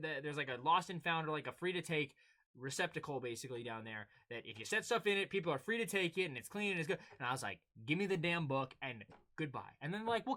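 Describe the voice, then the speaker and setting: Young male co-host, casual chat, animated storyteller, high and bright. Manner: animated storytelling, acting out exchanges. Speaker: podcast co-host.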